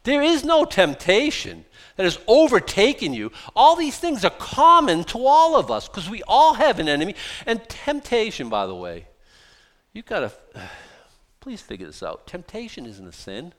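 A man preaching a sermon as a pastor, emphatic and blunt, mocking excuses in quick put-on voices. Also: high-pitched, wildly swooping pitch, fairly bright tone.

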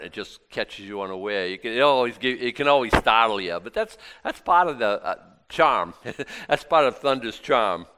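A man preaching a sermon in a conversational way, swinging from loud exclamations to quiet asides and often restarting his words. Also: mid-range voice, clear, resonant tone.

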